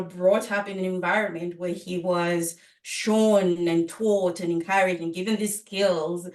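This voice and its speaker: A middle-aged woman speaks slowly and thoughtfully as a guest in an interview, her voice a touch low. She sits back from the microphone in a roomy, echoing space. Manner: measured, thoughtful, with light laughs and frequent ums. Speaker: author guest. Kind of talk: interview conversation. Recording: roomy, distant from the mic.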